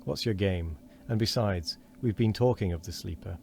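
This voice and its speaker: A man with a very deep voice reading the lines of a wheezy, doubting old man who grumbles and pleads by turns. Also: moderate pace, gravelly, dark tone, a little hiss or hum. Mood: scoffing.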